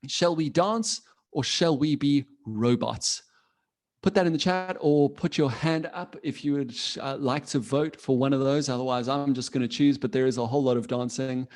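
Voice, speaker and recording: A man's voice: mid-range voice, normal speed, a little mellow. A man teaching children in a live online class over a video call. He sounds friendly and encouraging, laughs often and talks casually with restarts.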